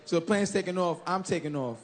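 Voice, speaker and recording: A man from Chicago doing a loud stand-up routine on a club stage, switching into acted-out voices. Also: high voice, quick pace. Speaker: stand-up comedian. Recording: loud crowd laughter and noise. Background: laughing crowd.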